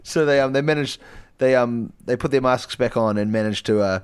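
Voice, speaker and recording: A man's voice: medium pitch, a little fast, smooth. A man co-hosting a comedy podcast, retelling a film plot in a rambling way with many fillers. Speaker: podcast co-host.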